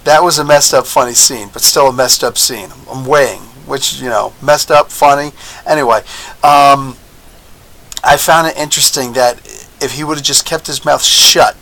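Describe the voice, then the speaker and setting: A man giving a casual, chatty review of a TV episode, excitable, with lots of fillers and frequent laughs. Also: medium pitch, moderate pace, low-quality recording. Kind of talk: casual video review commentary.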